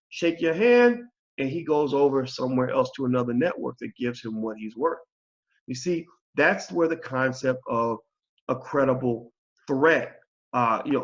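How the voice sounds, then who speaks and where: Blunt, animated man on lo-fi audio. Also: mid-range voice. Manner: blunt, animated, swears freely, acts out quoted voices. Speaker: channel host. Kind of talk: opinion commentary monologue.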